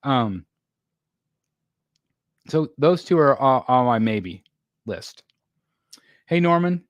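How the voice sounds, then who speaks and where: A middle-aged man hosting a casual live stream, reading viewer comments and chatting in a rambling, tired way full of fillers and throat clearing. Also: mid-range voice, expressive, slow pace, dry recording, highs cut off.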